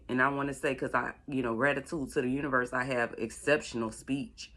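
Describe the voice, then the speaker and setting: A middle-aged woman from Florida, rambling through a casual story as a vlogger, drawing words out slowly for effect. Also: very deep voice, steady tone, fairly bright tone. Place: at home doing makeup.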